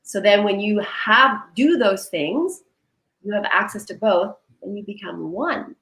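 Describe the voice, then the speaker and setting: A woman energy healer giving a coaching talk on a livestream video call, animated and guiding listeners through exercises. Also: mid-range voice, a little slow, echoey room, rough recording.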